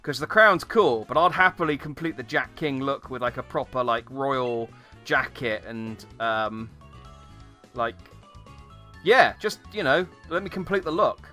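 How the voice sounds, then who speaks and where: A man's voice: medium pitch, unhurried, bright, forceful tone, faint music behind. A man giving casual, jokey let's-play commentary, rambling with many fillers. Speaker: game streamer.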